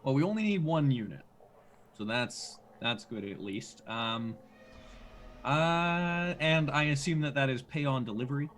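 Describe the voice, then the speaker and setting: A man's voice: medium pitch, animated, measured pace, a bit bright, a little hiss or hum. A man playing his character in a tabletop game, speaking politely and hesitantly with many fillers. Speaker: player. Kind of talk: in-character tabletop role-play.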